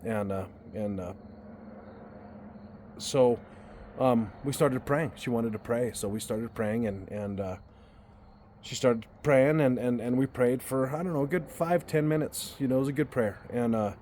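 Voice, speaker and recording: A man's voice: mid-range voice, unhurried, a little mellow, a little hiss or hum. A man telling a personal story to his viewers in a casual, earnest way, often restarting and repeating words as he goes. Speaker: vlogger.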